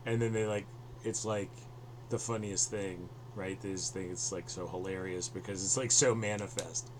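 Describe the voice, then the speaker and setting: A man's voice: low-pitched, steady tone, moderate pace, noisy background. A man hosting a podcast over a video call, rambling with many fillers and restarts. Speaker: podcast host.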